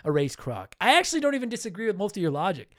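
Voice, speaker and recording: A man's voice: sits high, big pitch swings, very fast, a bit bright, dry recording, clean studio sound. A man hosting a gaming podcast, reading listener comments with a profane, sarcastic, laughing manner. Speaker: podcast host.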